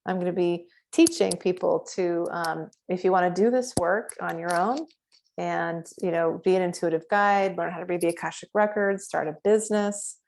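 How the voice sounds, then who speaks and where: A middle-aged woman talks casually to her viewers, with plenty of fillers and some quick bursts of speech. Her voice is low and gravelly. Her tone stays fairly even. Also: slight background noise. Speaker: meditation guide and author.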